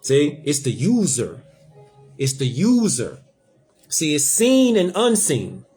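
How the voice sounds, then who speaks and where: A man's voice: a little high, huge pitch swings, slow pace, a little mellow, faint music behind. A man hosting a casual talk, speaking emphatically and with swearing, repeating his points. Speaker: host. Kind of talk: casual conversation, preachy.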